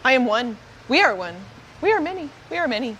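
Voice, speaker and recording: Woman doing a floating eye-mass creature, chanting in fragments, high-ish voice, faint noise behind. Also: sing-song, fairly bright tone, rough recording. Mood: eerie chanting. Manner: repetitive, halting chant. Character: telepathic floating mass of eyes, eerie chanting.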